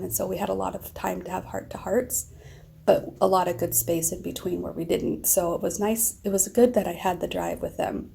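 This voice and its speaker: A woman's voice: fairly low pitch, creaky, warm tone, slight background noise. A middle-aged woman vlogging, telling a friend a long personal story in a rambling, emotional way.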